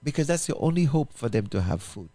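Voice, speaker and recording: A pastor hosting a talk show, speaking, makes an impassioned appeal full of repetition and rhetorical questions. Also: male voice, mid-range voice, very animated, fast, mellow, dry recording. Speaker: pastor and radio show host.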